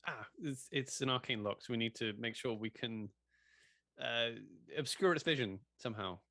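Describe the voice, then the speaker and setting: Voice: mid-range voice, moderate pace, a bit bright, dry recording, clean studio sound. A player in a tabletop game, voicing a flustered, stammering character.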